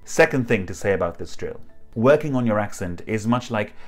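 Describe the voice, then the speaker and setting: A man with a British RP accent teaching pronunciation in an accent tutorial, speaking clearly and drilling words slowly and carefully. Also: fairly low pitch, lively intonation, faint music behind.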